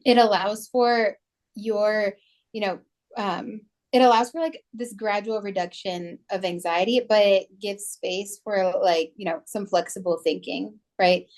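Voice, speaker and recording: A woman's voice: mid-range voice, fairly even intonation, a little slow, darkish tone. Woman, podcast co-host, casual, filler-heavy chat. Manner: chatty, many "like" and "you know" fillers.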